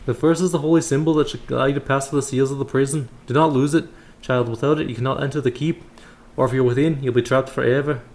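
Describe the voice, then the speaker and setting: A man's voice: medium pitch, fast talker, few pauses, pitched above the performer's own voice, close to an everyday voice. A man reading a fatherly old monk. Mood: instructive. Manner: calm, fatherly, calls the listener child. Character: wise older male monk elder.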